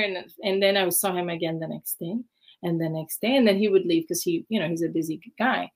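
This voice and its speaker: A woman's voice: fairly low pitch, brisk, breathy edge. A woman, a ballet dancer, chatting as an interview guest and acting out her own past reactions with lots of fillers. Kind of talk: casual interview storytelling.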